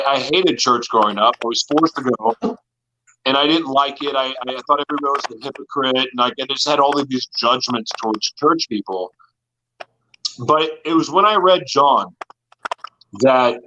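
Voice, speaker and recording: A man's voice: medium pitch, sharp tone, a little hiss or hum, low-quality recording. A man in an interview, telling his personal story in an earnest, confessional way. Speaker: guest.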